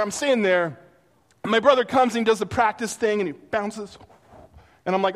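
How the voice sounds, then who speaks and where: A man with a fairly high voice delivers a sermon in a casual, storytelling way. He acts out the lines of the people in his stories. His voice carries a long reverb, as from a large hall. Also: normal speed. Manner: conversational, animated storytelling with acted-out quotes. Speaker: pastor.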